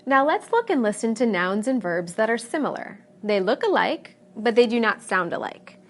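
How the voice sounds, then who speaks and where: A woman with a North American accent narrating a scripted pronunciation lesson, saying each example word slowly and with clear stress. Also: fairly high pitch, big pitch swings. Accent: North American English. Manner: slow, careful, stresses example words. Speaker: English pronunciation teacher.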